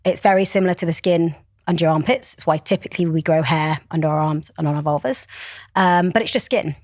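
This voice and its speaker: Passionate woman, low-pitched. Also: fast, a little mellow, dry recording, studio quality. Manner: passionate, articulate, emphatic. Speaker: brand founder, guest. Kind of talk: podcast interview.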